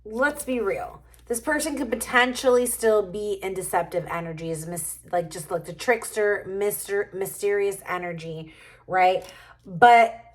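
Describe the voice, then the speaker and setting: A woman reads tarot cards to her viewers in a casual, musing way, thinking aloud as she goes. Her voice sits at a middle pitch, and she talks at a slow, unhurried pace. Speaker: tarot reader. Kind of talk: casual tarot reading to camera.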